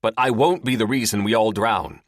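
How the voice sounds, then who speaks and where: A man's voice: fairly low pitch, a little fast, dry recording, clean studio sound, pitched above the performer's own voice, lightly acted. A male audiobook narrator voicing a stubborn, pious grown woman who gives firm commands. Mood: commanding.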